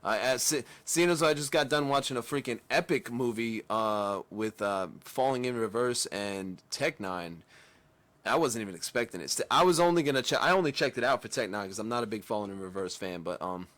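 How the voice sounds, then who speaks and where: A man's voice: medium pitch, a little fast, fairly bright tone. Rambling man reacting to a music video. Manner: rambling, self-correcting, slangy. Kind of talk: casual reaction commentary.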